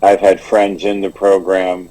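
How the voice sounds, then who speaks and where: A man with a very deep voice shares at a recovery group meeting. He speaks slowly and haltingly, with a dark, mellow tone and little change in pitch. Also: little pitch movement, low-quality recording. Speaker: meeting member sharing.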